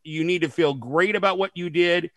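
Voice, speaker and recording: Man, high voice, stammering, enthusiastic, dry sound. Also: normal speed, fairly bright tone, no room sound. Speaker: judge. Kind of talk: judge's feedback.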